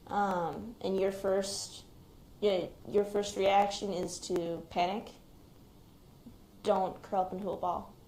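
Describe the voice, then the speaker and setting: A young woman, an active military member, recounts surviving a shooting in a hesitant, reflective, quiet-spoken way. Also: medium pitch. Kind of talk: recounting a personal experience in an interview. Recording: roomy recording with faint background noise.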